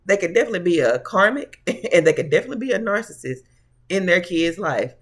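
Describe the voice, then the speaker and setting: Give me a high-voiced man doing a casual tarot reading to camera, sassy and preachy. He calls the viewers honey and baby and laughs easily between his points. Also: big pitch swings, fast, a bit bright. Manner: laughs often. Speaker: tarot reader.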